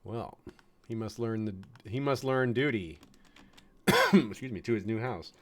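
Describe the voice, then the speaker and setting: A man's voice: fairly low pitch, animated, unhurried. A man from the United States giving chatty, chuckling commentary on a strategy game, fond of puns. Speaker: game streamer.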